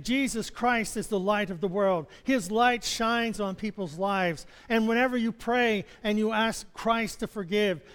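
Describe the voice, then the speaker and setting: A man's voice: sits high, fairly bright tone. A male chaplain preaching a sermon in a loose, conversational way, chuckling often and stumbling into restarts. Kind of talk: sermon with personal stories. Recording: long hall reverb.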